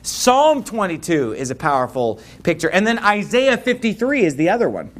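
A man's voice: sits high, sing-song, moderate pace. A man preaching as a pastor, reading scripture aloud and then expounding on it with rising intensity. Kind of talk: sermon.

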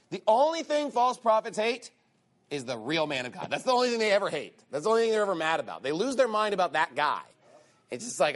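A man preaching a sermon with a high, lively voice that leaps up and down. He mocks the people he talks about in sarcastic put-on quotes and swings from near-shouting to low muttering. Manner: animated, swings between loud and low.

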